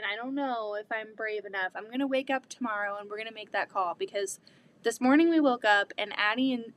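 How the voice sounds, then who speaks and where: A woman in her thirties chatting casually while sewing, rambling about her kids and often quoting people in an excited voice. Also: a little high. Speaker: quilting vlogger and mother. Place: home sewing room.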